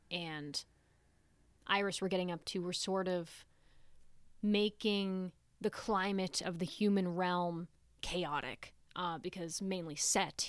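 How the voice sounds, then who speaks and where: Woman, casual myth storyteller, irreverent and profane, mid pitch, dry close sound. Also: smooth, dry recording. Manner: irreverent, swears, acts out gods' lines in quick voices. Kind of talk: casual storytelling about mythology.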